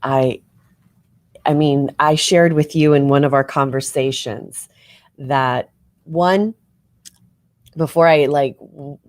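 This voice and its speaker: A woman's voice: sits low, fairly even intonation, slow, pauses often, no echo, clean studio sound. A woman hosting a live interview, drawing out her guest with encouraging remarks. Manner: warm affirming interviewer, frequent mm-hmms. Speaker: host.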